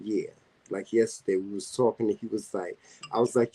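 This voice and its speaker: A man with a Southern US accent, hosting a casual vlog chat and telling teasing stories in an animated way. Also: on the low side, fairly quick, breathy edge, poor audio. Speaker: vlog host.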